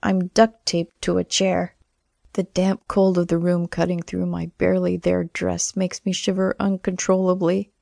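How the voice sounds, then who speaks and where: An audiobook narrator, a woman with a low, gravelly, warm voice, delivers scripted first-person narration in a wry manner. The recording is clean studio sound with no room sound.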